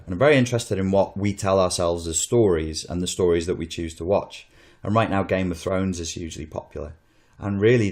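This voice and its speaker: A Northern English man hosts a casual podcast chat in a very deep voice. He talks in long, opinionated runs, swearing freely as he goes. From Northern England. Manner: animated, swearing, opinionated and rambling. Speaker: podcast host.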